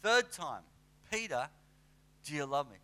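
Lively conversational male preacher. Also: a little high, unhurried. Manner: conversational, animated with acted asides. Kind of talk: sermon.

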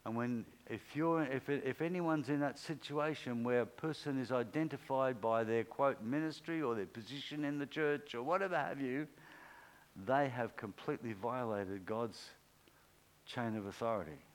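A man's voice: normal speed, low-quality recording. Man preaching a conversational sermon. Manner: conversational, acts out quoted speech with pitch swings. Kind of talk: informal sermon.

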